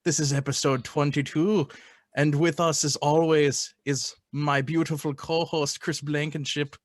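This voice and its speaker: A man's voice: a little high, little pitch movement, unhurried, no room sound, studio quality, pitched above the performer's own voice, lightly acted. A man voicing a mock Irishman with an exaggerated, sing-song brogue. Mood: hammy.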